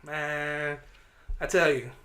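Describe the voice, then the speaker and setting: High-voiced guy w a bright sharp tone, swearing a lot and acting out everyone in his story on a podcast. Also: slow. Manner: profane, animated, acts out quoted voices. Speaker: podcast co-host. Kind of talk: casual storytelling chat.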